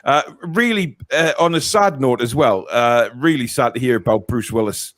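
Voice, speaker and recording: A man's voice: medium pitch, moderate pace, a bit bright, no echo, studio quality. A man hosting a casual live stream, reading viewer comments aloud with lots of fillers. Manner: chatty, reads viewer comments, many fillers. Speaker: host.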